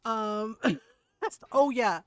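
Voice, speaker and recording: A chatty woman streamer spins a rambling family story, full of laughter and little asides. Her voice is high, and the sound is close and dry with no room around it. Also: expressive, extremely slow, dry recording. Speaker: game streamer. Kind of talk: casual storytelling.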